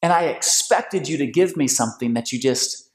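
A man hosting a faith-based conversation, preacherly and animated, with big swings in pitch. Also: normal speed. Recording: echoey room.

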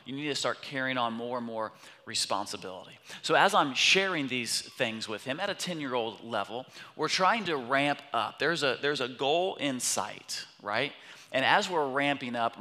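Bright-voiced preacher telling a story. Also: male voice, medium pitch, measured pace, in a large hall. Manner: animated, acts out quotes of his son. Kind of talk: sermon storytelling.

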